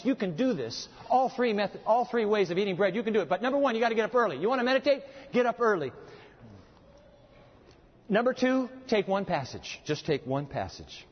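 Folksy high-voiced preacher in a hall. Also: male voice. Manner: folksy, animated, jokes with the audience. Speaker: pastor. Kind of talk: sermon with live demonstration. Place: church hall with audience. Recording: dull, long-reverb hall sound.

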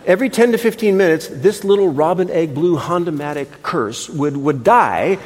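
An older man preaching a sermon, telling a story in an animated, chatty way with frequent restarts. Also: on the high side, moderate pace. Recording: long reverb of a large hall.

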